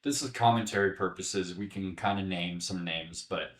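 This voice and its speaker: A man co-hosting a casual film podcast, laughing often and talking in halting restarts. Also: deep voice. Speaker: podcast co-host and filmmaker. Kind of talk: casual chat. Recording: echoey room, distant mic.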